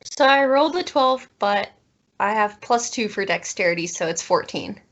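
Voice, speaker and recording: A woman's voice: mid-range voice, lively intonation, normal speed, muffled recording. A woman playing a tabletop game, thinking aloud about her character's moves. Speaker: player.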